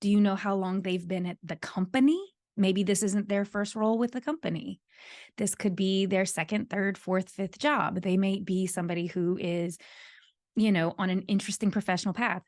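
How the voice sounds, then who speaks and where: A woman's voice: mid-range voice, steady tone, normal speed, darkish tone, no echo, clean studio sound. A woman hosting a solo podcast who coaches leaders, speaking earnestly and repeating her key points for emphasis.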